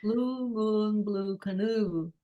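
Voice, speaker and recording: A woman practices pronunciation on a video call at a very slow pace. She hesitates and repeats each word with care. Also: mid-range voice, narrow, tinny audio. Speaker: student.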